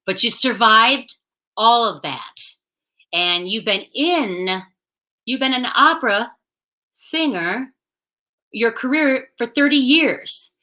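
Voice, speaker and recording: Slow-talking bright-voiced woman host. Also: a little high, expressive, low-quality recording. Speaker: interview host. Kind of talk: casual interview. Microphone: video call.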